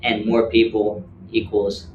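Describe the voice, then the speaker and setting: A man's voice: fairly low pitch, level tone, slow pace, dull audio. A young man co-hosting a casual podcast, talking loosely and filling gaps with "like". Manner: loose, filler-heavy, says "like" often. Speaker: podcast co-host. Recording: echoey room, faint background hiss.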